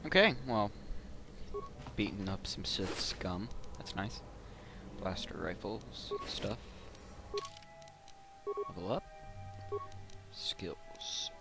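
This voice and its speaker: A young man gives loose, jokey commentary while playing a role-playing game, muttering his menu choices. His voice sits low, and loud game music runs behind him. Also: expressive, very slow, creaky, pauses often. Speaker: let's play gamer. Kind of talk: casual gameplay commentary.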